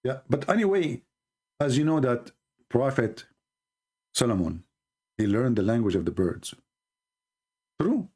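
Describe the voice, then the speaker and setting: A man with a husky voice hosts a live online debate. His pitch swings widely as he mocks his opponents and fires rhetorical questions at them in a sarcastic tone. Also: big pitch swings, a little slow, long pauses, mellow. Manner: tosses rhetorical questions at listeners. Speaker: debate host.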